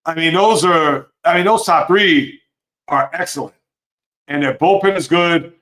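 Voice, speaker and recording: A man hosting a live sports talk stream, reading chat comments and giving opinionated, animated reactions. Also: a little high, a little slow. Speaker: sports show host.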